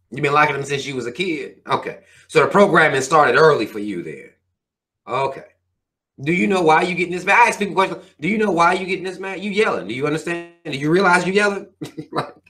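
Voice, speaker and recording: A man's voice: a little high, fairly bright tone. A man hosting his own channel, reading viewer comments and ranting in a heated, profane, preachy way. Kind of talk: casual rant to viewers.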